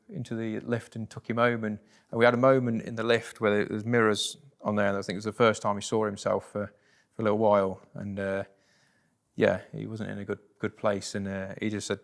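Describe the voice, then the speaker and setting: British male guest, low voice, plain-spoken, halting with fillers. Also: vocal fry. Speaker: interview guest. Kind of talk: candid personal storytelling.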